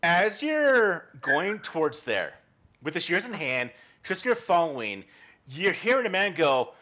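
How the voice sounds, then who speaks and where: Male game master, bright and forceful, lo-fi webcam sound. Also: high-pitched, very animated, a little slow. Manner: loose, chatty with fillers. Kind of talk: narrating a tabletop game. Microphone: webcam mic.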